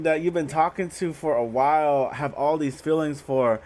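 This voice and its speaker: A man's voice: fairly high pitch, normal speed, few pauses, darkish tone. A man giving a casual tarot reading on a livestream, blunt and profane, laughing often. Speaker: tarot reader.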